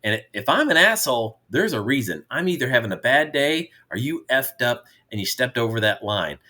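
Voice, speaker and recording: A man's voice: mid-range voice, big pitch swings, moderate pace, pushed and bright. A middle-aged man co-hosting a casual chat with his daughter, telling rambling, jovial stories. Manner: jovial storyteller, rambling with restarts. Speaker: podcast co-host, father.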